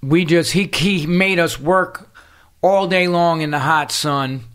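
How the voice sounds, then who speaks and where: A man's voice: a little high, takes it slowly, fairly bright tone, clear, resonant tone. A man, a guest telling a story in casual conversation, streetwise and full of cursing, acting out the people he quotes. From New York City.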